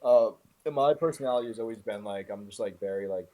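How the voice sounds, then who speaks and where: A man's voice: lowish voice, fast talker, warm tone. A young man talking casually as a podcast guest over a remote call, laid-back, with lots of fillers. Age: young adult. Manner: laid-back, filler-heavy, self-described sarcastic. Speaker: guest, content creator.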